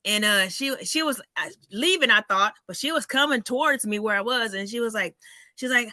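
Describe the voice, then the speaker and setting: A woman comedian telling stories in a casual chat, animated and salty, acting out the people in them. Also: a little high, a little fast, no echo. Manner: animated storyteller, acts out voices, swears freely.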